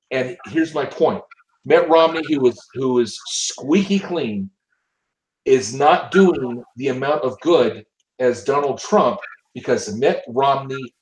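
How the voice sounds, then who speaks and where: A man's voice: a little high, rough recording. A man giving opinionated casual commentary, emphatic and often repeating and restarting his words. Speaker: political commentator.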